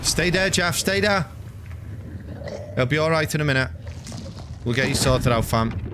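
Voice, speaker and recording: A man commenting live over a game, swearing and joking crudely, breaking into excitable outbursts. His voice sits slightly high and he talks at an unhurried, drawn-out pace. A clear layer of background noise runs under the stream audio.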